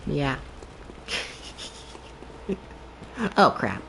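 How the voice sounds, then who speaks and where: A man's voice: medium pitch, sing-song, extremely slow, creaky, a bit bright, slight background noise. A young man streaming a game, chatting casually in a rambling, candid way, leaning heavily on the filler "like". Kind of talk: casual chat while gaming.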